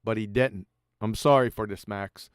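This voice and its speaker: A man's voice: on the low side, fairly even intonation, normal speed, clean tone, no room sound, clean studio sound. A man giving a mocking, profane presentation over slides, sarcastically addressing an absent author as he goes. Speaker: video presenter.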